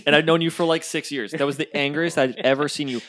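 A man's voice: a little high, fast. A man on a podcast telling a story in casual banter, swearing and laughing, close to the mic. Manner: animated, swears a lot, laughs while telling stories. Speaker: guest.

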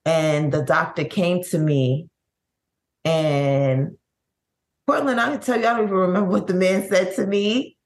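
A middle-aged woman, a bereaved mother, telling her story in an interview, with halting, vivid recounting and many restarts. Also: on the low side. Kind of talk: emotional personal storytelling.

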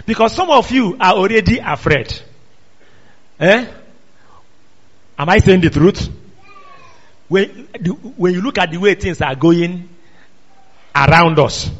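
A man preaching a sermon, quizzing his congregation with call-and-response questions and emphatic rising shouts. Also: high voice. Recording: dull sound in a reverberant hall.

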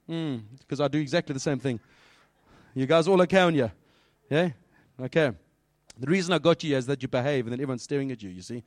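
A man giving a lively children's sermon, asking the listeners questions and quoting scripture. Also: medium pitch, no echo, studio quality. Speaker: pastor.

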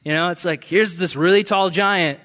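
High-voiced animated male preacher. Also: normal speed. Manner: animated, acts out quoted voices. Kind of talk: conversational sermon.

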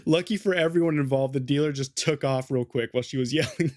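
A man's voice: mid-range voice, quick pace, darkish tone, no echo, clean studio sound. A man hosting a podcast, telling a true-crime story in a loose, chatty way with swearing and asides to his co-host.

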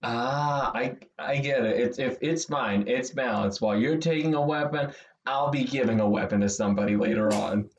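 Man player, deadpan, roomy echo, far from a dull mic. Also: mid-range voice, normal speed. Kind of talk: casual tabletop game chat.

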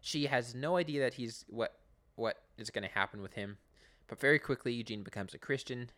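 A man's voice: medium pitch, a little fast, a bit bright. A young man co-hosting a podcast, recapping episodes in casual, laughing chat with many restarts.

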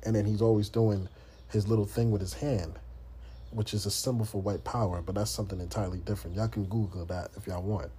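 A man's voice: fairly low pitch, steady tone, fast, warm tone, slight background noise. Blunt, profane American man. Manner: blunt, profane, talks in restarts. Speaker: podcast host. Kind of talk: casual monologue.

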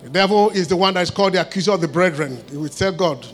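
A man's voice: high voice, quick pace, faint music behind. A middle-aged man preaching a church sermon, emphatic, asking the congregation questions and laughing and joking between points. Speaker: pastor. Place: church service.

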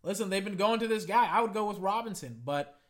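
A young man narrates a football game in a loose, chatty play-by-play. His voice sits high and sounds bright and forward. He wanders into side comments and restarts his sentences often. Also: fast talker. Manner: rambling, chatty, with frequent restarts and asides.

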